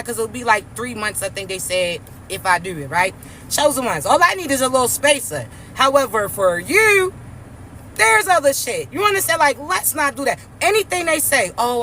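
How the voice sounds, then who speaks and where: A young woman delivers a brash, mocking rant full of profanity, like a vlog talking straight to her viewers. Her voice sits high and bright and sharp. Faint traffic noise hums in the background. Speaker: spiritual vlogger. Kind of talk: casual rant to camera.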